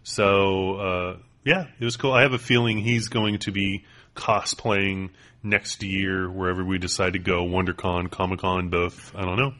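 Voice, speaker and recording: Low, bright-voiced man telling stories. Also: normal speed. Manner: excitable storyteller, many fillers and restarts. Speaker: podcast co-host. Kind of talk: casual chat.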